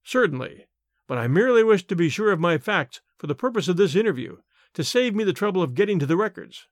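A man reading an audiobook, voicing a calm, witty Irish male lawyer who speaks slowly and courteously. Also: sits high, no room sound, studio quality. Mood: composed. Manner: slow, courteous, unruffled.

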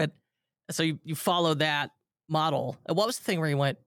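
Animated higher-voiced male host. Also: clear, resonant tone, dry recording, studio quality. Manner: animated, quick to paraphrase the guest. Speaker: podcast host. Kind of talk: conversational interview.

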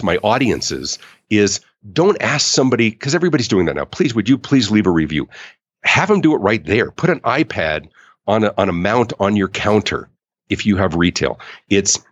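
A man talking as a guest in a podcast interview, emphatic and animated. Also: fairly low pitch, normal speed, no room sound, lo-fi sound. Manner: animated, emphatic, acts out quoted customers. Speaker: author and customer experience speaker, guest.

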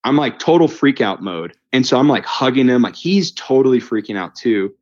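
A man telling his story as a guest in casual conversation, animated and fast, with many restarts and "like"s, his pitch jumping up when he relives exciting moments. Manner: quick with frequent restarts and "like". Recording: dull lo-fi recording.

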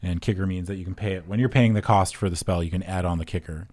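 A man's voice: low-pitched, fairly even intonation, fast, a little mellow. A man as a guest in a casual chat, laid-back and self-deprecating about his card game deck.

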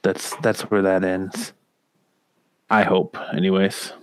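A man hosting a casual podcast chat, talking in a relaxed, easygoing way. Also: low voice, slow pace, a little hiss or hum.

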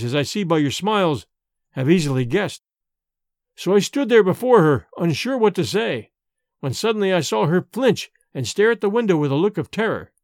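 Expressive male storybook narrator. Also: high-pitched, no room sound. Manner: expressive, dramatic first-person storytelling. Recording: dry close recording with faint music.

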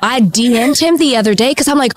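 A young woman hosting a podcast interview, upbeat and animated as she asks her guest questions. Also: fairly high pitch, fairly quick. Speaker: podcast host.

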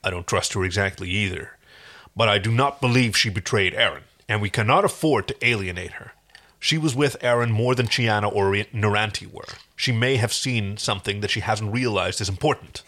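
A man voicing a gruff, loyal alien warrior man, speaking low and steady. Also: fairly quick.

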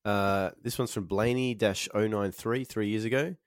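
A man's voice: on the low side, fairly even intonation, moderate pace, no echo, clean studio sound. A man co-hosting a podcast, casually reading out viewer comments and a set list. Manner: reads out comments and set lists. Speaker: podcast co-host.

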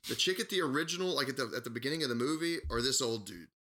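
A man's voice: mid-range voice, expressive, rapid-fire, sharp tone. A man in casual movie review chat, crude and joking.

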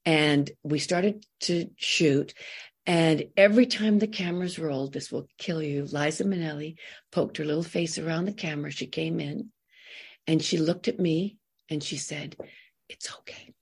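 A woman with a low, husky voice tells stories in a lively, chatty way as an interview guest. She is from Canada and talks casually about her work as an actress. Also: moderate pace. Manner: animated, chatty storyteller.

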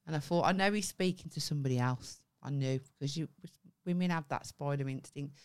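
A woman's voice: low-pitched, brisk, clean tone. A woman co-hosting a podcast, telling a story with lots of swearing and acted-out dialogue in a casual chat. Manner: animated storytelling, swears freely, acts out quoted dialogue. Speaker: podcast co-host.

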